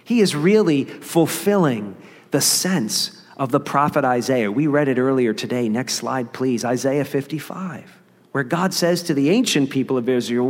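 A man's voice: medium pitch, normal speed, big-room sound. A man preaching a sermon as pastor, earnest and conversational, with emphasis that rises and falls.

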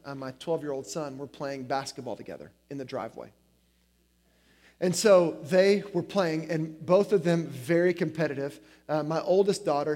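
A man in his forties preaching a sermon in a loose, conversational way, dropping filler words as he spins stories. His voice sits fairly high for a man. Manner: conversational, many "like" fillers, animated storytelling. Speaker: guest preacher.

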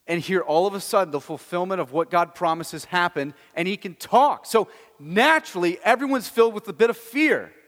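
Animated preacher in a reverberant hall. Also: male voice, sits high, fairly quick. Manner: animated, emphatic storytelling with rhetorical questions. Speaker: pastor. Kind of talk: sermon.

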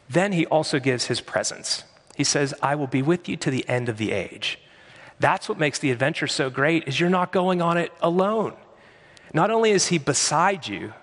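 A man's voice: a little high, fairly bright tone. A man preaching a sermon as pastor, earnest and emphatic, often repeating his key phrases. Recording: long hall reverb.

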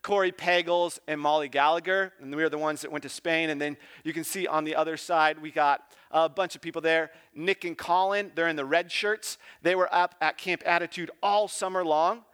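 High, smooth-voiced youth pastor. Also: male voice, steady tone, moderate pace, few pauses, fairly bright tone. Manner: informal and joking, with lots of "like" and "right?". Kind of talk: casual sermon talk.

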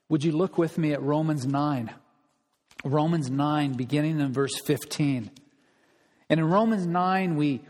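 A man's voice: fairly high pitch, a little mellow, in a large hall. A man preaching a sermon as pastor, asking rhetorical questions and repeating key phrases for emphasis.

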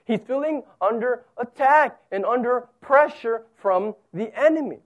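A man's voice: extremely high pitch, animated, a little slow. A man preaching a sermon in an earnest way, explaining scripture plainly, with his voice swelling and dropping. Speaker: pastor. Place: church service held in a zoo venue.

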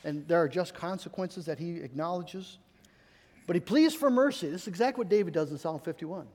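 A male pastor preaching a sermon, swinging between loud emphatic stretches and soft confiding asides, often repeating words as he restarts. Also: high voice, lively intonation, a little fast. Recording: long hall reverb.

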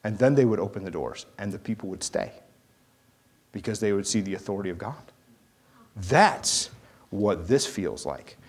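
A male pastor preaching a sermon, animated, acting out voices and asking the crowd questions. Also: on the low side, moderate pace, long pauses, breathy edge.

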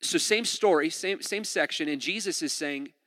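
Guy preaching, casual and chatty, bright forceful voice, big hall reverb. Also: fairly high pitch, normal speed, studio quality. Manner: casual, uses "like" often, repeats words. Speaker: pastor. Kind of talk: conversational sermon.

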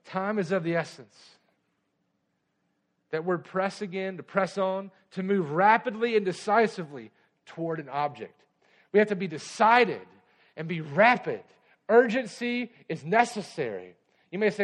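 A man with a notably high-pitched voice preaches a sermon to his congregation. He drives his points with urgent, emphatic repetition, then eases into relaxed, conversational storytelling. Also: a little slow. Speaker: pastor.

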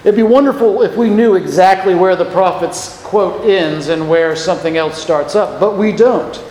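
A man preaching a sermon, lively and acting out the voices in the passage he reads. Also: sits high, moderate pace, a little hiss or hum. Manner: animated, acts out the voices of the passage. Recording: echoey hall with long reverb.

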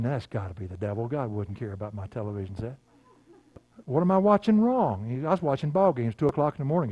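Older guy preaching, folksy stories, swings loud then quiet, dry close sound. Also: mid-range voice, no room sound, dull audio. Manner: folksy storytelling, laughing, swings from loud to hushed. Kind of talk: sermon with personal stories.

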